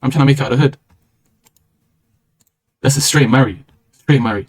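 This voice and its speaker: A young man with a British accent riffs through a casual live-stream chat at a quick clip. His voice sits at an ordinary middle pitch, and his talk is slangy, rambling and full of strong opinions. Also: husky.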